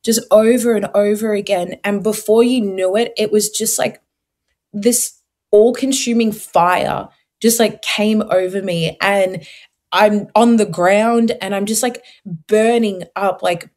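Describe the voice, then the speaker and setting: A young woman from Australia, a guest sharing her faith story in an earnest, expressive way, with many fillers. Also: medium pitch, a little slow. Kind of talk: testimony interview.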